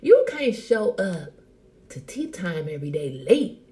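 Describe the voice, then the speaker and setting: Animated middle-aged woman, lively teasing talk. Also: lowish voice, a little slow. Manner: animated, teasing, talks to viewers by name. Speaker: host. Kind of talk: casual livestream chat.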